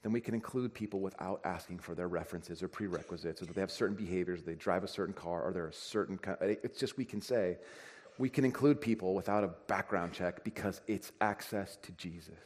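A man's voice: sits low, a little fast, a little mellow. Man preaching in a reverberant hall. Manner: conversational preaching, acts out everyday dialogue. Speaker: pastor. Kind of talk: sermon. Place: church sanctuary.

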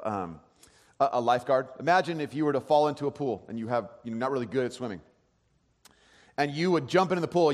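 A man preaching a sermon in a relaxed, conversational way, often checking that the audience is following. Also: on the high side. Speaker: pastor. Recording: long hall reverb.

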